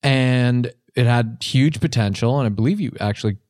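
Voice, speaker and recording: A man improvising a comedy scene as an earnest songwriting teacher, rambling through ideas, his pitch jumping up when he gets excited. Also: normal speed, dry recording, clean studio sound. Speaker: comedy podcast host playing a songwriting teacher.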